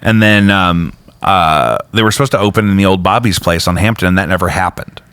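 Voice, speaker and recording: A man with a low voice hosts a loose, chatty podcast. He rambles between topics, throwing in jokes. The sound is dry and close, with no room echo. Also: a little fast, a bit bright, clean tone. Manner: rambling, jokey, prone to sudden high-pitched bits. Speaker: podcast host. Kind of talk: casual chat.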